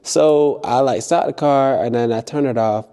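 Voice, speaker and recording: A young man telling a story casually on a vlog, acting out the people in it. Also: normal speed. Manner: animated, impulsive storytelling with high-pitched acted-out quotes. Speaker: vlogger.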